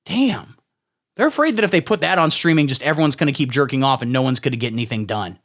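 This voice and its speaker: A young man hosting a satirical solo comedy show, talking in a crude, sarcastic, deadpan way. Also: mid-range voice, fast talker. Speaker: podcast host.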